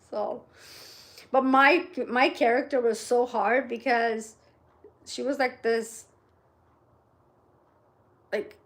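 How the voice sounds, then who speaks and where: A woman's voice: fairly high pitch, extremely slow, pauses often. A middle-aged woman vlogging in casual chat to camera, rambling along and often checking in with "right?". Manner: rambling, chatty, frequent "right?" tag questions.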